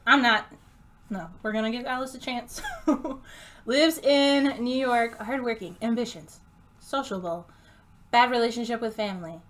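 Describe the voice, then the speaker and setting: Giggly woman reading game text slowly. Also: a little high, fairly bright tone, slight background noise. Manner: giggly, reads slowly and stumbles on names. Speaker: game streamer. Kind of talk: reading game text aloud with casual commentary.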